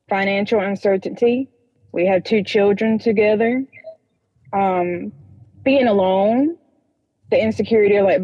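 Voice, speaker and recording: A woman's voice: medium pitch, husky, no room sound, big-room sound, lo-fi sound. A woman from North Carolina with a Southern accent, talking hesitantly about her life as a guest on a counseling show. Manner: hesitant, halting, with many pauses. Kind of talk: personal conversation.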